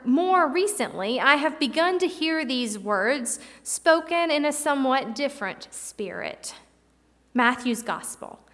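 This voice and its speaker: A woman preacher giving a reflective sermon with dramatic pauses, in a church hall. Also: fairly high pitch, a bit bright. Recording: long hall reverb.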